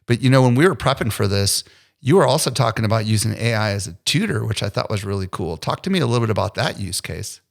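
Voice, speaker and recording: A man's voice: fairly low pitch, expressive, fast, gravelly. A man hosting a podcast, talking in an encouraging, conversational way. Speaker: podcast host. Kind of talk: casual interview conversation.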